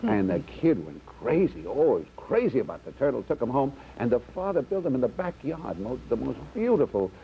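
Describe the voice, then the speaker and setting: Rambling, lively comic storyteller man. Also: medium pitch, fairly quick, vocal fry, few pauses. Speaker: comedian. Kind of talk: joke telling at a round table. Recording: dull old TV audio with faint noise.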